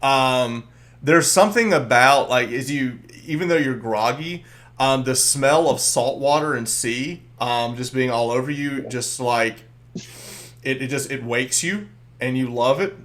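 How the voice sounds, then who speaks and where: A man's voice: medium pitch, unhurried, fairly bright tone. A man narrating as game master of a tabletop game, rambling with many "um"s and restarts.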